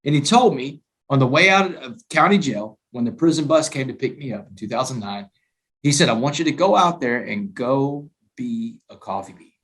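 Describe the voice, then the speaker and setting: A man, a guest author telling his story in an emphatic, animated way during a talk-show interview. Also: mid-range voice, moderate pace.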